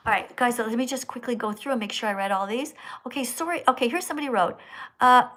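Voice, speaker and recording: A woman hosting a live stream, reading donations aloud and lecturing slowly and bluntly. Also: a little high, pushed and bright. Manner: blunt, scolding; slow, emphatic lecturing. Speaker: livestream host reading donations.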